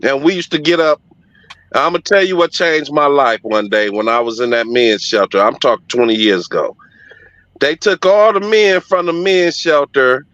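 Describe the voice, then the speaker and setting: A man's voice: fairly high pitch, moderate pace, a bit bright, dry recording, dull audio. A middle-aged man telling a heartfelt personal story on a podcast, emphatic and profane.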